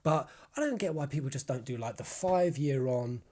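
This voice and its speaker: A man's voice: medium pitch, expressive, moderate pace, a little mellow. A young man hosting a live stream, ranting in casual chat and swearing freely. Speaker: stream host.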